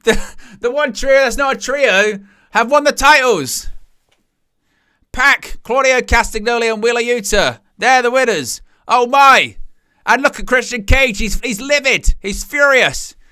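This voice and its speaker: A man hosting a live wrestling watch-along, calling the action with excited gasps and exclamations. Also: very high voice, measured pace, clean tone, no room sound, studio quality. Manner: animated, exclaiming "oh" at each move. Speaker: wrestling live-stream host.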